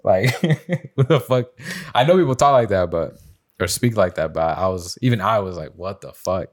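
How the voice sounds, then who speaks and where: A young man with a notably low, deep voice chats loosely on a podcast. He rambles through his stories with plenty of fillers, restarts and swearing. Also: animated, moderate pace. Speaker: podcast host. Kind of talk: casual chat.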